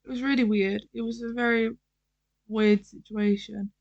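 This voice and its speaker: A co-host talks in a relaxed, chatty way. They often cut in to add or correct details of a shared story. The voice sits at an ordinary pitch. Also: normal speed, vocal fry, dry recording, muffled recording. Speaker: podcast co-host. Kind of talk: casual storytelling chat.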